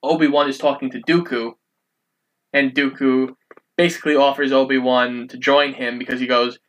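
A man retells a movie plot beat by beat in a relaxed podcast chat. His voice sits at a middle pitch, plain and steady, with the odd curse slipping in. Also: moderate pace, low-quality recording. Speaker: podcast co-host. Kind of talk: casual movie recap chat.

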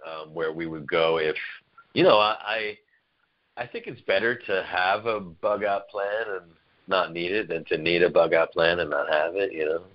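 A man's voice: low voice, moderate pace. A man in casual conversation, joking, laughing often and swearing freely. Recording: dull lo-fi recording.

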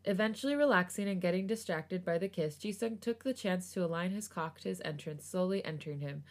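A woman's voice: on the low side, lively intonation, a little fast. A woman co-hosting a podcast, reading fan fiction aloud with giggly asides and some stumbles. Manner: giggly, stumbling over words. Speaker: podcast co-host.

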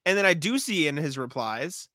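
A chatty male podcast co-host with a bright, slightly higher voice, who talks loosely and laughs often. He is recorded close on a dry mic. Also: very animated, moderate pace, dry recording. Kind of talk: casual chat.

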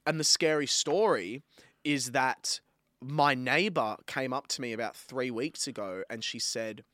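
A man's voice: mid-range voice, measured pace, no echo. An Australian man co-hosting a podcast, ranting with lots of swearing in casual chat. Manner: animated, profane ranting. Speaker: podcast co-host.

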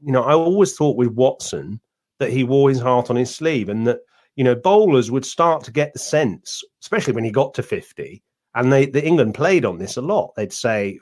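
A man's voice: mid-range voice, lively intonation, normal speed, darkish tone. Guy on a cricket podcast rambling through a story, lots of false starts, normal mid voice. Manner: rambling, with many restarts and asides. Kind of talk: casual anecdotal chat.

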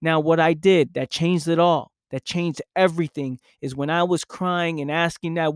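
A man's voice: fairly high pitch, steady tone, normal speed, dry recording, clean studio sound. A young man speaking in an intense motivational monologue, acting out his own past inner voice.

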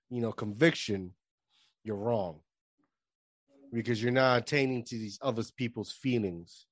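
A man in casual chat, speaking slowly and with emphasis. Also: mid-range voice, no room sound.

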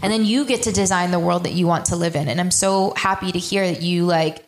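A woman's voice: fairly low pitch, steady tone, a little fast. A woman hosting a live panel conversation, asking questions and reflecting encouragingly on guests' answers. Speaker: podcast host and panel moderator.

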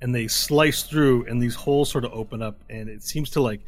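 A man's voice: medium pitch, moderate pace. A man running a tabletop game as game master, narrating scenes in a rambling descriptive way over a headset mic.

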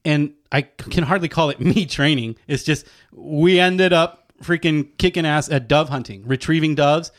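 Man, slightly high voice, relaxed and profane storyteller, animated chat. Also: moderate pace, few pauses. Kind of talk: casual chat.

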